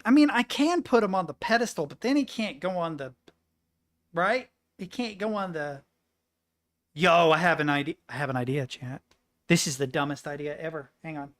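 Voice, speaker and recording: Woman streamer, casual chat, swears a lot, mutters then bursts out, lowish voice. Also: moderate pace. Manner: swearing, excitable, muttering between outbursts.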